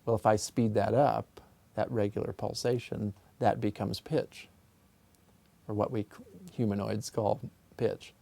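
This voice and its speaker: Mellow, gravelly man musing on music. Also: lowish voice, level tone, measured pace. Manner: thoughtful, musing, explains with sung sound examples. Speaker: composer and music theorist being interviewed. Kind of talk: explanatory conversational interview. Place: his office.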